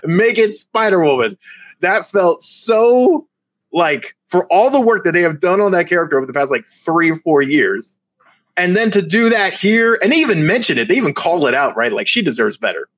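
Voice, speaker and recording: A man co-hosting a casual comic book chat, animated and quick to mock outrage, laughing often. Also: on the high side, dry recording. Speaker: comic book podcast co-host.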